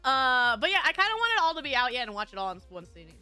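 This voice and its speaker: High, bright-voiced giggly woman streamer. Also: very animated, very fast, smooth, no room sound. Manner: giggly, laughs often. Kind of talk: casual chat with viewers. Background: faint background music.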